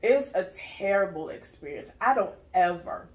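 With a lowish voice, lively intonation, and a moderate pace, this channel host and mother chats casually about something personal. She's emphatic and direct, telling the story to "y'all."

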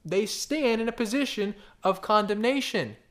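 A man's voice: high voice, moderate pace. A male pastor preaching a sermon, emphatic and full of rhetorical questions, often stumbling and restarting his phrases.

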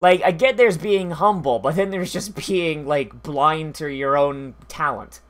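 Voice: medium pitch, unhurried, fairly bright tone. An anime reaction host rambling casually, with lots of swearing, restarts and fillers. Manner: frequent laughter.

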